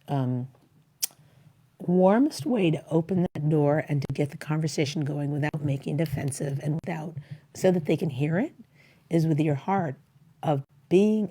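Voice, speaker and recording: A middle-aged woman with a low, mellow voice hosts a talk show, handing out marriage advice in a casual, rambling way. She acts out little snippets of quoted dialogue.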